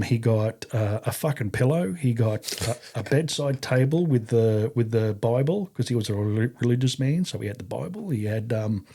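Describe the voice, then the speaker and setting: In an interview, an army veteran in his fifties with an Australian accent tells casual stories in a medium-pitched, dark voice. He rambles, fills pauses with filler words, and swears casually.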